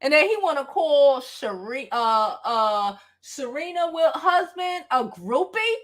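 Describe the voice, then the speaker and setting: A woman with a high voice talks through a casual gossip livestream, loose and profane. Her tone is bright and tense. She laughs easily and stays expressive throughout. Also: slow. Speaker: celebrity gossip vlogger.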